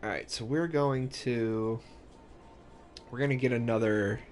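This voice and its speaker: A man's voice: medium pitch, fairly even intonation, measured pace, soft background music. Man thinking aloud over a city-builder. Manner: rambling, thinks aloud with restarts. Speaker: gaming YouTuber. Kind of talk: casual let's-play commentary.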